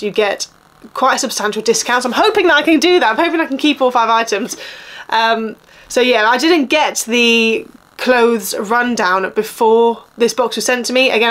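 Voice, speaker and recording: A woman in her thirties with an Essex accent talks in a fairly high voice. She chats casually to camera and keeps sounding exasperated and let down. A faint noise sits under the recording. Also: fairly bright tone. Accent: Essex English. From England. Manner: chatty, exasperated, complaining. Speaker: vlogger. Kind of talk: casual haul chat.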